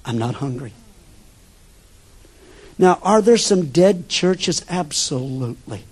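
An older man preaching a sermon as a pastor, telling stories with sudden shifts between loud bursts and hushed asides. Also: a little high, animated, slow pace, slightly rough.

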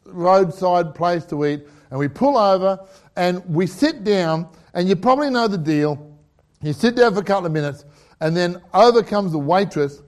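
Aussie bloke preaching, middle-aged, high voice, cracks jokes and tells stories. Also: male voice. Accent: Australian. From Australia. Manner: jokey, storytelling, laughs at his own lines. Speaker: pastor. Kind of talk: humorous sermon with stories.

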